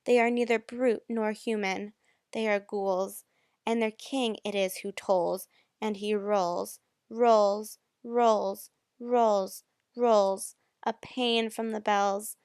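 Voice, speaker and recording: Slow, crisp woman reciting verse. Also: fairly high pitch, no room sound, clean studio sound. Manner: slow, measured reading that grows louder on the repeated words. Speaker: poetry reader. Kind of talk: dramatic poetry recitation.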